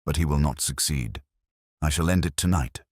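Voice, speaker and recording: A man's voice: extremely low pitch, moderate pace, darkish tone, dry recording, clean studio sound. A man voicing a proud, cornered French army colonel with a French accent, defiant and haughty. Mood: muttering.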